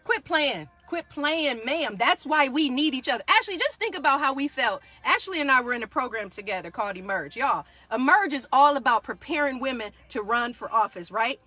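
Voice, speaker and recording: Woman, 40s, yoga teacher, bright preachy motivational energy. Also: high voice, lively intonation, moderate pace, hardly any pauses, no room sound. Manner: fired-up, preachy, keeps asking "do y'all hear me". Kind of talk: motivational live talk.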